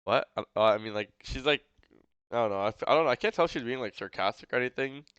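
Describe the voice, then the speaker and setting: A man's voice: mid-range voice, animated, fast talker, a bit bright, smooth, dry recording, lo-fi sound. A man streaming a casual reaction, rambling and incredulous, with a slight lisp. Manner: rambling, incredulous, full of fillers.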